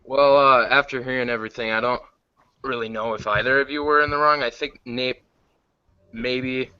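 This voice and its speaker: A man's voice: medium pitch, steady tone, normal speed, smooth, no echo. A man calling into a podcast, speaking hesitantly with fillers. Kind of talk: podcast argument. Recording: dull lo-fi sound.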